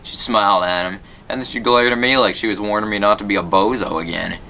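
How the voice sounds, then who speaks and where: Bright-voiced man reading a children's book. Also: lowish voice, steady tone, fast, slight background noise. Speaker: reader. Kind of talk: reading a children's novel aloud.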